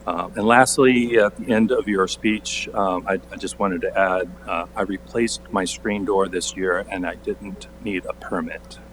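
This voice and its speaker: A man's voice: low voice, steady tone, a little slow, hardly any pauses, noisy background. A man on a borough council reading a prepared statement at a public meeting, pointed and sarcastic, pushing hard on key words. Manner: pointed, sarcastic, building to forceful emphasis.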